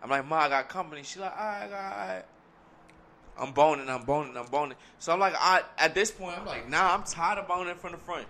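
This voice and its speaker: A young man in his twenties telling a crude story in casual chat, deadpan and slangy. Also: a little high, fast, few pauses.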